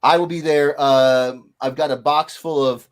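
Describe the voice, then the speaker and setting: A man's voice: steady tone, measured pace. A man co-hosting a casual livestream, bantering playfully with viewers and his co-host. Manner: playful, bantering, swings pitch a lot.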